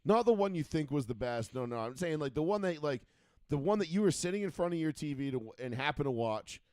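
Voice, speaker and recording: A man's voice: a little high, expressive, fairly quick, darkish tone, no echo, studio quality. A man in his thirties co-hosting a call-in sports chat show, telling rambling stories full of fillers and swearing. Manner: profane, rambling storyteller with many fillers. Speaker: radio show co-host.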